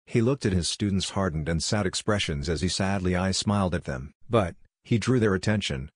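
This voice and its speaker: A man with a very low, husky voice narrating a fan-fiction story. He reads evenly and without hurry, and the sound is dry and close. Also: expressive, brisk, few pauses, no echo. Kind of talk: reading fan fiction aloud.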